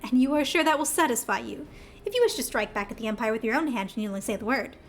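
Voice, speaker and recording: A woman's voice: on the high side, lively intonation, fast talker, faint music behind. A woman reading as a formal young scholar. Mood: earnest. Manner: formal, polite. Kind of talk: reading game dialogue aloud.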